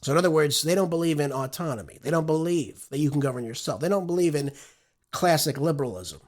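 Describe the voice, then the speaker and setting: A man's voice: a little high, expressive, quick pace. A man hosting a political talk show, delivering opinionated, conversational commentary and often tagging his points with "right?".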